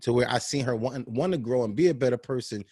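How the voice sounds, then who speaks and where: A man from New Jersey co-hosting a casual chat podcast, animated and quick to laugh, often repeating his words. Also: medium pitch, breathy edge, no echo, studio quality. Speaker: podcast co-host.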